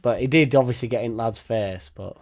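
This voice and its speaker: Lad chatting on his fan stream, laughs a lot and swears, rambles on, normal pitch. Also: brisk, darkish tone. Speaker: fan channel host. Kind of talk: casual livestream reaction chat.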